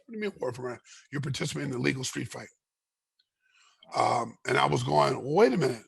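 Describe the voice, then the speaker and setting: Gravelly, raspy man telling a fight story. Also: medium pitch, fast talker. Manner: animated storyteller, voices others in his story, repeats and restarts. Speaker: guest, retired fighter. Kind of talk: storytelling interview.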